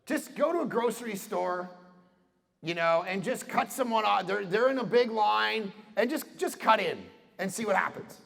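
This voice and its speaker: A middle-aged man from Canada giving an animated talk to an audience, acting out voices in his stories. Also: high voice, normal speed, creaky. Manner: animated storytelling with acted-out voices and jokes. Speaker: conference speaker. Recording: reverberant hall sound.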